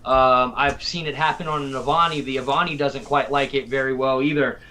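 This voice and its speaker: A man's voice: medium pitch, fairly even intonation, fairly quick, bright, forceful tone. A man from Tennessee hosting a casual livestream chat, rambling and laughing as he repeats his words. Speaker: host.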